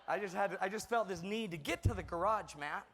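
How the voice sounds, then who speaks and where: A man's voice: high-pitched, a little fast, a bit bright, long reverb tail, slight background noise. A middle-aged man giving a comedic talk on parenting to an audience, mocking himself as he acts out scenes from family life. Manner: self-mocking storyteller acting out family scenes. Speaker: parenting speaker.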